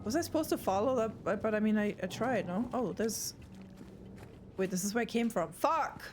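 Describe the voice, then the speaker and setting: A woman's voice: mid-range voice, fairly quick, music in the background. Chatty swearing woman streamer. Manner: chatty, swears often, talks to chat. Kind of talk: casual live gameplay chat.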